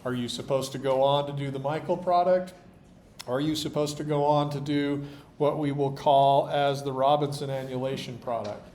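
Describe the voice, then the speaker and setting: A man's voice: medium pitch, steady tone, normal speed, darkish tone, a little hiss or hum. A man lecturing a university chemistry class, explaining with dry jokes, his voice tired. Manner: explanatory, dryly joking. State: tired voice, occasional coughing.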